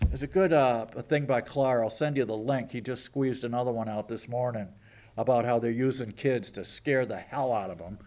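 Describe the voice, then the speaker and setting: A man's voice: mid-range voice, moderate pace, a little mellow. A man in his sixties giving sardonic local TV news commentary, mocking and rambling with jokey asides. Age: 60s.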